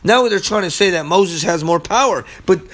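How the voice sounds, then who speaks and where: A man's voice: high-pitched, lively intonation, moderate pace. A man preaching on a sermon podcast, teaching verse by verse. He is emphatic, stumbles through restarts and repeats words.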